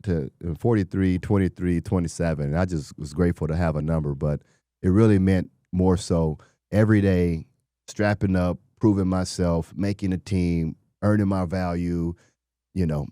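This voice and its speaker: A middle-aged former football player telling stories in an interview, animated and acting out quotes from people he met. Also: sits low, moderate pace, dry recording, studio quality. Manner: animated storyteller, acts out quotes. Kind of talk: conversational interview storytelling.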